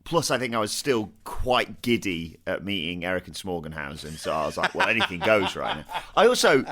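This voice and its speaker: A man's voice: low voice, a little fast, a little hiss or hum. A man, a player, telling jokey stories in casual podcast chat. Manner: animated, jokey storyteller.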